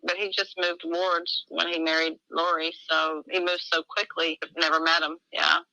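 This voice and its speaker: A woman's voice: low voice, flat delivery, moderate pace, creaky, bright, forceful tone, dry recording, muffled recording. A middle-aged woman in an emotional personal conversation, talking fervently and acting out dialogue with big swings in her voice.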